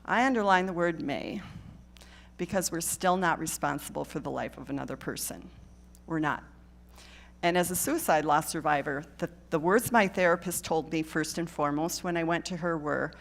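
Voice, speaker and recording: A woman's voice: deep voice, normal speed, vocal fry. Earnest woman speaking to a congregation. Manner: earnest, checks in with "okay?". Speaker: guest speaker at a church. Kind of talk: live talk to a congregation.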